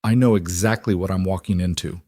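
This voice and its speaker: A man voicing a quiet young cowboy stranger who stays calm and measured even when threatening. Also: low-pitched, no echo, clean studio sound.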